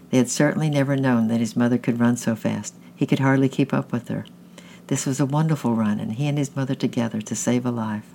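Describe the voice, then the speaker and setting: A man's voice: medium pitch, steady tone, quick pace, creaky, dark tone, a little hiss or hum. A man reading a children's novel aloud in a plain way, often slipping and restarting words. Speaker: audiobook reader.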